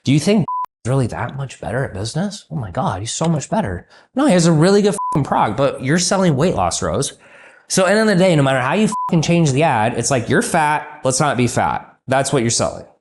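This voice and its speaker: A man's voice: medium pitch, sing-song, fast talker. Blunt, profane male business coach.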